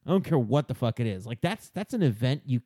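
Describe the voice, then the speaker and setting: A man's voice: medium pitch, big pitch swings, quick pace, mellow, no echo, clean studio sound. A young man in crude casual banter, swearing, laughing and acting out quoted voices.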